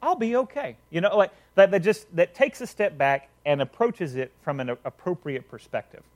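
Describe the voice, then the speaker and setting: A man's voice: on the high side, lively intonation, normal speed. A man preaching a casual sermon, retelling a parable conversationally with frequent check-ins to listeners.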